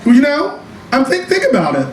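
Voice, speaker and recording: A man with a high voice tells a flamboyant, sassy story on stage in a small cabaret club. The recording is echoey and distant, heard from across the room, with steady room noise and audience laughter around him. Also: fairly quick. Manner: flamboyant, sassy, calls the audience child and honey. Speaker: comedian performing a one-man show. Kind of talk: live stand-up storytelling.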